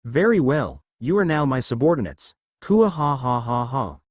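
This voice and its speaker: A man's voice: big pitch swings, moderate pace, no echo. A man voicing a boastful male storm dragon in slime form, with a grandiose manner and big laughing boasts. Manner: booming theatrical laugh, grandiose. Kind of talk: fan fiction reading.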